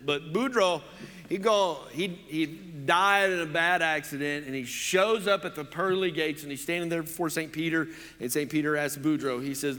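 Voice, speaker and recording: A man from Oklahoma preaching a sermon, chatty and joking with plenty of fillers. His voice sits a touch high and rings bright and forceful. A long church-hall reverb follows every phrase. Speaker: pastor.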